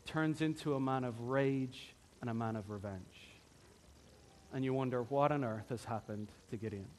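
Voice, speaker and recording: Casting: male preacher, high-pitched, storytelling sermon. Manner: storytelling, acting out voices.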